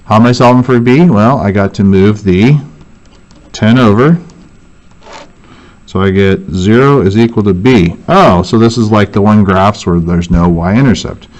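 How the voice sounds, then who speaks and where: A man's voice: on the low side, unhurried, darkish tone, muffled recording. A male teacher walking through a worksheet and thinking aloud, correcting himself as he goes. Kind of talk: worksheet walkthrough lesson.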